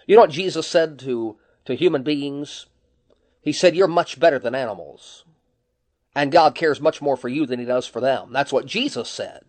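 A man's voice: mid-range voice, normal speed. A man preaching a sermon, asking rhetorical questions and quoting scripture in old-fashioned wording.

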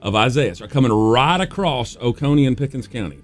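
A man's voice: mid-range voice, expressive, brisk, soft background music. Man chatting as radio guest. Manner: conversational, explanatory. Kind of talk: casual radio conversation. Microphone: studio guest microphone.

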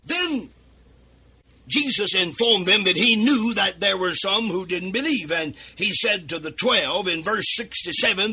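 A man preaching a radio sermon into a microphone, fervent and swinging into sing-song emphasis and sudden shouts. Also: high-pitched, husky. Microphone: speaking into a microphone.

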